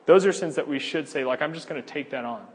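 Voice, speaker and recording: Pastor, male, husky easygoing teacher, conversational delivery, hall reverb. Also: fairly high pitch, fast. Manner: conversational, laughs easily, many fillers and restarts. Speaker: pastor teaching a church class. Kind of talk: casual teaching talk.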